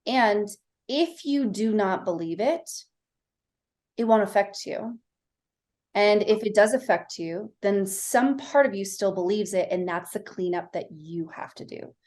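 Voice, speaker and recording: A woman's voice: medium pitch, a little slow. A woman mindset coach speaks as a podcast guest in a mid-range voice. She explains her ideas with energy and acts out the voices in her own stories. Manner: animated storytelling, acting out quoted voices. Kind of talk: casual interview chat.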